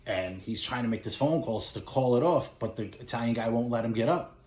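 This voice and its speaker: A movie collector and reviewer casually retells a film's plot, speaking in an easy, offhand, chatty way at a middle pitch and a little fast. As he goes he grows animated, raising his voice and jumping up in pitch to act out the characters' lines. A roomy echo from the space around him colors the recording.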